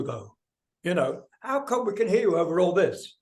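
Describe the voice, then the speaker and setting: Older man telling stories with animated energy. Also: sits high, normal speed. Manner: animated, swears freely, acts out voices in anecdotes. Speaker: guest musician. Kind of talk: casual storytelling interview.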